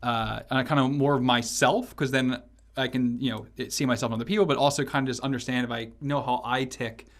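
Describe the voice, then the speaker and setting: A man's voice: medium pitch, steady tone, quick pace, fairly bright tone. A man hosting a business podcast, talking loosely with many fillers and restarts. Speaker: podcast host. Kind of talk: casual podcast interview.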